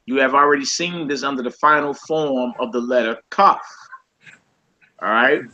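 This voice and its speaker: A man teaching a casual group Hebrew lesson over a voice call, quizzing his students in a relaxed, conversational way. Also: medium pitch, normal speed, dull audio.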